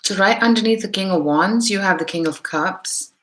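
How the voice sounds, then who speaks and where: Her voice is mid-range and a bit bright, delivered at normal speed, with a little hiss or hum in the recording. A woman with a mixed Indian accent, she hosts a chatty live tarot stream, greeting people by name and thinking aloud during readings.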